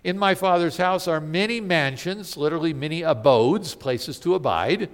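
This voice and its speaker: A man's voice: a little high, normal speed, big-room sound. A man preaching a sermon, emphatic and full of rhetorical questions. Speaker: pastor.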